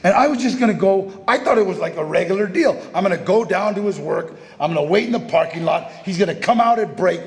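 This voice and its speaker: A man telling his recovery story to a live audience, loud and animated, laughing as he acts out the people in his tale. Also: sits high, quick pace, gravelly, few pauses. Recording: reverberant hall with noticeable background noise.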